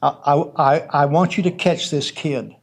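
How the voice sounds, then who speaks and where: A man's voice: on the high side, moderate pace, gravelly, a little hiss or hum. Folksy joking man. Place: council chamber.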